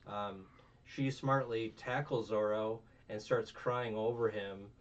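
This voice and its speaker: A man's voice: lowish voice, fairly even intonation, slow. A young man hosting a casual review podcast, rambling, swearing and retelling scenes. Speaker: podcast host. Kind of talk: casual anime review chat. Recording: distant muffled mic, faint hum.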